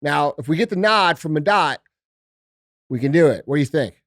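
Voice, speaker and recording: A man hosts a casual studio podcast in a blunt, emphatic way and swears freely as he talks. His voice sits a little high. The sound is close and dry. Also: lively intonation, a little fast, fairly bright tone, dry recording. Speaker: podcast host.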